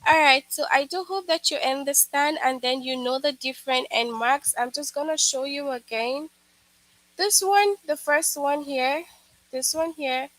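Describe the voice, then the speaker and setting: A woman's voice: high voice, fairly bright tone, no room sound, poor audio. A woman teaching an online lesson to young children, patiently explaining and repeating herself, with many "okay"s and "all right"s.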